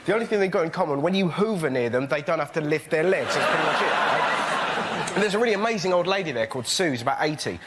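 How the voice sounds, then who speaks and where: A young man doing stand-up on a panel show, excitable, jumping into shrill shouted impressions. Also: fast. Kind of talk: stand-up comedy routine. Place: television studio with a live audience. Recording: noisy studio broadcast recording. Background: audience laughter.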